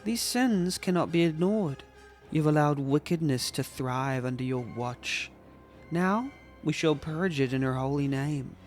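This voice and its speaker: A man playing a cold, zealous crusade leader in a game, pious and sneering. The delivery is slow and self-righteous. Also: on the high side, animated, faint music behind.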